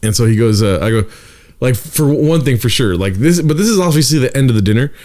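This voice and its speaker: A man's voice: medium pitch, quick pace. A man hosting a podcast, telling a story in casual chat with lots of swearing and "dude" at the end of his lines. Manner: profane, animated storytelling, ends lines with "dude". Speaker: podcast host.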